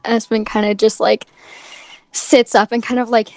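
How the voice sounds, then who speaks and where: A woman's voice: a little high, little pitch movement, moderate pace, a little mellow. A woman playing a tabletop game, describing her character's actions in a hesitant way with many fillers and giggles. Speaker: player.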